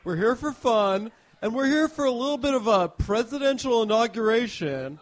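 A man's voice: extremely high pitch, expressive, moderate pace. A man playing an earnest, upbeat male fashion mentor in a comedy sketch interview, giving confident, rambling advice.

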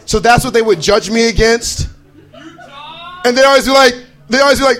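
A young man from Idaho works through a stand-up comedy set with a fairly high voice. He keeps bouncing into exaggerated character voices for the people in his stories, then drops back into his own plain delivery. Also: fairly quick, fairly bright tone, low-quality recording. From Boise, Idaho.

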